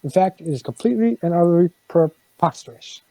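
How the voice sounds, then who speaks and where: A woman's voice: on the low side, lively intonation, a little fast, background noise. A woman reading a children's book aloud, acting out mock protests and making silly sounds. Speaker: player reading a bedtime story.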